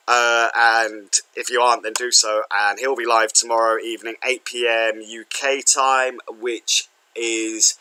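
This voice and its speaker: A man's voice: medium pitch, pushed and bright, clear, resonant tone, rough recording. A man chatting casually to viewers at the end of a livestream, rambling and self-deprecating. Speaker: streamer.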